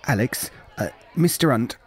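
A man's voice: medium pitch, lively intonation, normal speed, some chatter behind, voice pushed up, lightly acted. A man voicing a nervous, hesitant male government clerk who stammers, in a storybook reading.

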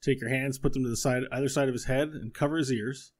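Narrating a tabletop game as its game master, a man speaks fast in a mid-range voice. His delivery is relaxed and rambling, packed with fillers.

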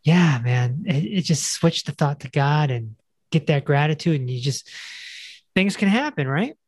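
A man's voice: fairly high pitch, expressive, a little slow, husky, dry recording. Reflective man hosting a dry-sounding chat. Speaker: podcast host. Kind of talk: casual interview conversation.

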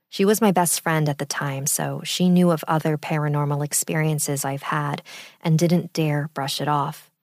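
A young woman from the East Bay in California, calmly and reflectively recounting a personal story in first-person narration. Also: low-pitched, dry recording, clean studio sound. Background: background music.

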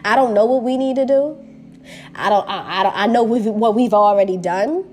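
A woman's voice: on the high side, moderate pace, a little mellow, faint music behind. A woman on a personal video, angrily and bluntly speaking her mind, swearing often and repeating short phrases, upset and hurt. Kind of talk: impassioned personal rant to camera.

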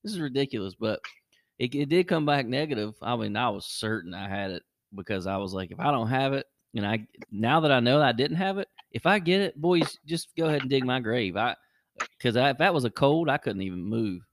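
A middle-aged man tells a story on a podcast in a plain, mid-pitched voice. He gets animated and jumps high whenever he quotes someone. The sound is close and dry, with no room in it. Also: a little fast, no echo. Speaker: podcast host. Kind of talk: casual storytelling.

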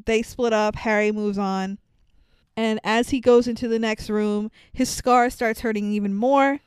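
Woman recapping a movie, kinda high smooth voice, swears a lot, laughs, super dry close mic. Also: unhurried, no room sound. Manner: animated, swears freely, laughs often.

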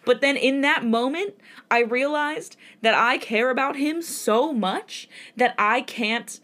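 A woman's voice: high voice, slow pace, fairly bright tone. A young woman co-hosting a podcast, chatting casually, gushing and laughing often, easily moved. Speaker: podcast co-host. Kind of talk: casual chat.

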